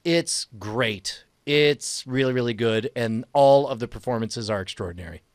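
A man co-hosting a podcast, chatting casually in an excitable way with stammered restarts. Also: mid-range voice, normal speed, no room sound. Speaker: podcast co-host. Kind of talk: casual chat.

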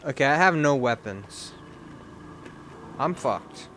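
Excitable swearing man on a headset. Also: medium pitch, slow, slight background noise. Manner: excitable, swearing, swings between yelling and muttering. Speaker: streamer. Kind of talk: live gameplay commentary. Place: warm indoor room at home.

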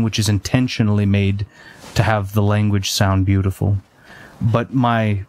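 A man's voice: lowish voice, a little mellow. A man hosting a casual gameplay chat, rambling off on tangents with lots of ums and uhs. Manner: rambling, goes off on tangents with many fillers. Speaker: let's play host.

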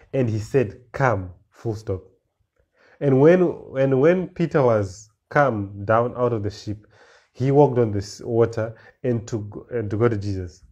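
Mellow-voiced man preaching a sermon. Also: on the low side. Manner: reads verses slowly, then explains with rising emphasis and repeated words. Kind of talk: sermon, reading and explaining scripture.

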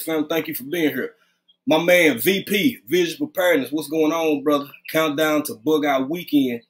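A man hosting a casual live stream, greeting viewers by name in a loose, conversational way, talking close to his webcam at home. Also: mid-range voice. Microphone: webcam, leaning close.

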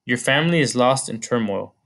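A man with a medium-pitched voice reads the role of a sorrowful ancient female spirit who weeps. His delivery is gentle, solemn and pleading, yet animated and a little fast.

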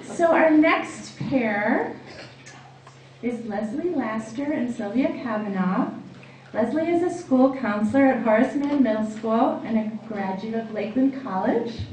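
A woman's voice: on the high side, darkish tone, slight background noise. A woman hosting a live reading, chatty and upbeat as she introduces the next readers. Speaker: event host. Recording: echoey room from far off.

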